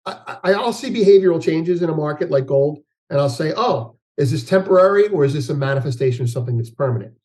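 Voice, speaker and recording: A man's voice: fairly high pitch, animated, fast talker, few pauses, darkish tone. Rambling male market analyst. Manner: rambling with many restarts and fillers. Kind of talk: conversational interview.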